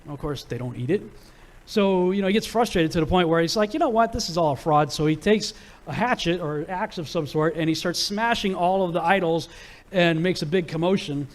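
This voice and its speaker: A man teaching a Bible lesson to a live audience, casual and animated, acting out the people in his stories. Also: high-pitched, brisk. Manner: casual and animated, acts out quoted characters.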